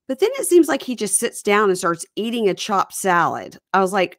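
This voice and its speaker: A woman's voice: medium pitch, big pitch swings, normal speed, few pauses, dry recording, clean studio sound. A woman co-hosting a casual podcast, chatting and retelling reality show scenes. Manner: chatty, recounts scenes in quoted voices. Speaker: podcast co-host.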